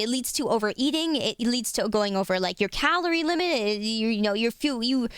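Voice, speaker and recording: A woman's voice: a little high, clear, resonant tone, no echo, clean studio sound. A young woman streaming live, chatting casually with her viewers and swearing freely. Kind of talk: casual chat with chat.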